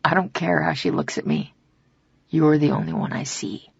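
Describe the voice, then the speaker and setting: A woman voicing a brooding young male musician who speaks softly and low in a romance audiobook. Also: steady tone, a little slow, creaky, slightly rough, no echo, highs cut off, full character voice. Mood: hushed tender. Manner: hushed, low and tender.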